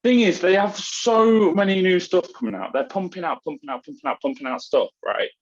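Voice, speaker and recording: A man's voice: high-pitched, lively intonation, fairly quick. Blunt joking man on a muffled mic. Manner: blunt, teasing, emphatic. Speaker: podcast co-host. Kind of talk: casual chat.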